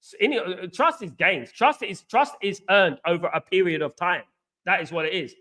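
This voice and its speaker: A man hosting a casual football fan chat, telling animated stories with slang and asides. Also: high voice, moderate pace. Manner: animated, chatty storytelling with slang. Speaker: host.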